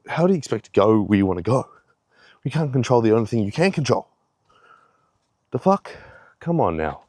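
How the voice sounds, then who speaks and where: This young fitness vlogger, a bit winded, rambles through a profanity-heavy pep talk on a casual vlog. His medium-pitched voice has a darkish tone, captured in clean studio sound without echo.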